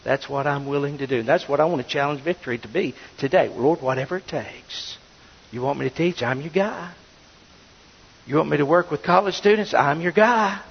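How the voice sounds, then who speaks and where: A man preaching a sermon as pastor, swinging between loud bursts and hushed asides. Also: a little high, fairly quick, creaky, breathy edge. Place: church sanctuary. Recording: dull, reverberant sanctuary audio.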